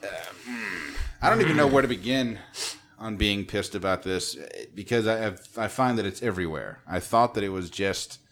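A man's voice: low voice, fairly bright tone. A man ranting in casual podcast chat, swearing freely and mimicking other people's voices. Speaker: podcast co-host.

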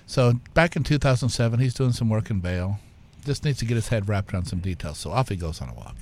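A man's voice: on the low side, fast, a little hiss or hum. A man, a whiskey company co-founder, telling stories as a guest with fillers and restarts. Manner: animated anecdote-teller with fillers and restarts. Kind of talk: conversational storytelling.

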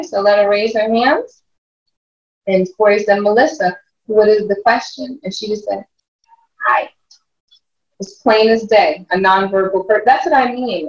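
A woman, a mother and life coach, telling stories in an interview, animated and often laughing as she acts out what others said. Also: mid-range voice. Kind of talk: storytelling interview chat. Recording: roomy, distant, dull lo-fi sound.

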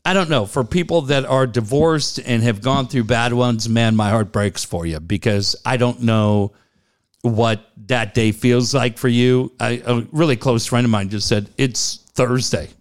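A man's voice: medium pitch, measured pace. A man in his forties telling a long family story in casual chat, laughing often and repeating "I go".

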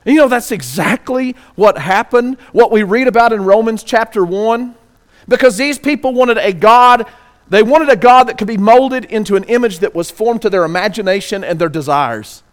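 Pastor with a high voice, preaching and questioning his listeners. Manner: reads scripture aloud slowly. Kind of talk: sermon.

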